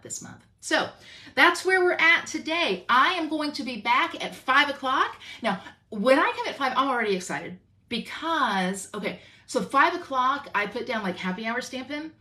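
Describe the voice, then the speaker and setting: A woman hosts a live stamping-craft stream in easy, casual chat. Her voice is bright and her pitch moves about a lot, rising and dipping as she talks. She often repeats a phrase to drive it home. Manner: chatty, repeats phrases for emphasis.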